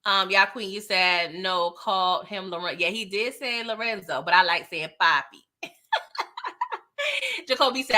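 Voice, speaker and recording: With a mid-range voice and a sharp tone, this woman speaks at a measured pace as host of a casual TV recap. She chats playfully with her live viewers, reviewing the show and acting out lines from its characters.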